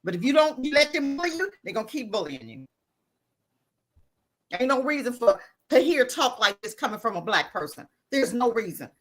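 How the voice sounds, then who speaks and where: A woman's voice: fairly high pitch, sing-song, normal speed, fairly bright tone. A woman giving blunt, impassioned commentary as a guest on a podcast.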